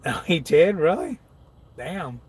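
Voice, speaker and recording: A man's voice: on the high side, sing-song, takes it slowly, a little mellow, breathy edge. A truck-driving man in casual live-stream chat, laid-back, laughing often and reading viewer comments aloud. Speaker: truck driver vlogger.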